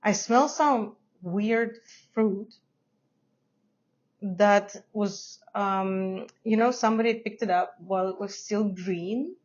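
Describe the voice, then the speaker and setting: A woman's voice: medium pitch, slow, lo-fi sound. A woman who is not a native English speaker, reviewing fragrances in a chatty, hesitant way and laughing often. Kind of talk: casual review to camera.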